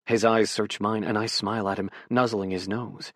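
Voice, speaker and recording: A man narrating a first-person romance audiobook in a soft, intimate, unhurried way, close to a studio mic in a recording booth. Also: fairly low pitch, fairly even intonation, no echo.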